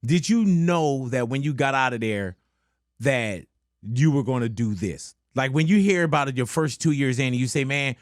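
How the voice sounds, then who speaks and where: A male radio host asking a guest questions in a relaxed, conversational way. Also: medium pitch, normal speed, no room sound, clean studio sound. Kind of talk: interview questions.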